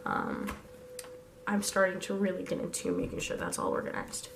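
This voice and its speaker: A hoarse young woman chatting through a casual planning vlog, thinking aloud. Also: lowish voice, flat delivery, moderate pace, noisy background. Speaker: vlogger.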